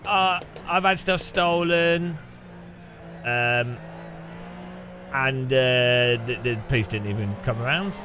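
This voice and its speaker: A man's voice: mid-range voice, takes it slowly, pauses often. An Englishman streaming a racing game in casual, sarcastic chat with frequent laughs, with music playing behind. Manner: chatty, sarcastic, laughs often. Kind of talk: casual gaming commentary.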